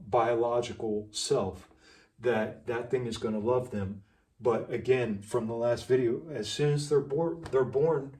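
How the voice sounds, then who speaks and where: A man's voice: medium pitch, darkish tone. Preachy man talking in an echoey room. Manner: preachy, rhetorical, repeats lists of phrases. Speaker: vlogger. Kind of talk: impassioned monologue to camera. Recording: echoey room, mic at a distance.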